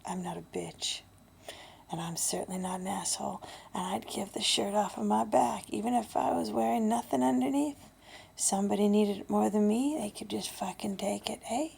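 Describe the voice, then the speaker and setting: A woman of fifty talking candidly in a vlog, blunt and swearing, dropping to a hushed breathy voice and then getting loud. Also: medium pitch, fairly even intonation, moderate pace. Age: 50s. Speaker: vlogger.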